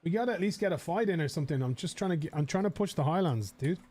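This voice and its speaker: A man's voice: fairly high pitch, expressive, fast talker, a little mellow. A man streaming a game live, chatting casually with viewers, rambling and swearing.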